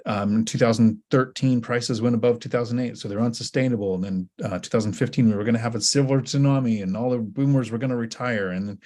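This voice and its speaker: A man hosting a casual livestream Q&A, talking in a rambling way with halting restarts. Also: on the low side, a little mellow. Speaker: host.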